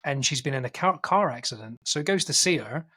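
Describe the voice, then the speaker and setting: A man co-hosting a film podcast, casually retelling a film's plot in a rambling, animated way and acting out quotes. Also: medium pitch, fairly quick, breathy edge. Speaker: podcast co-host.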